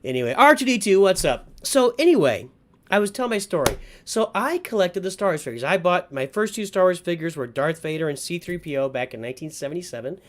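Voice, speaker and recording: A man's voice: sits high, big pitch swings, fast talker, a little hiss or hum. A middle-aged man hosting a livestream, rambling nostalgically and answering live chat as he goes. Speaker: livestream host.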